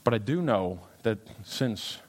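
A man preaching a sermon in a church, animated, quoting scripture with sudden rises in pitch and volume. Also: unhurried. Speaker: pastor. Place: church sanctuary.

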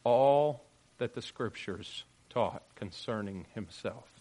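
A man preaching a sermon as pastor, swinging from loud emphatic lines to quiet, joking asides with his congregation. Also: lowish voice, slow pace.

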